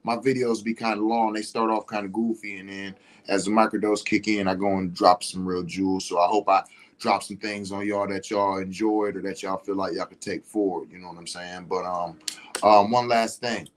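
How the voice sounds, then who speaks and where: A man's voice: on the low side, little pitch movement, moderate pace. A man talking casually on his livestream, rambling and repeating "you know what I'm saying" as he explains his views. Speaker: livestream host.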